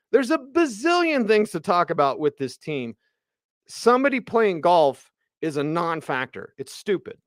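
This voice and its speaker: Man, sports radio host, ranting, emphatic, slightly high voice, dry studio sound. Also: no room sound.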